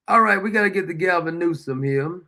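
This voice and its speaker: A man's voice: high voice, sharp tone. A man hosting a livestream, talking in a loose, colloquial way and chuckling often. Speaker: host. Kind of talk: livestream commentary.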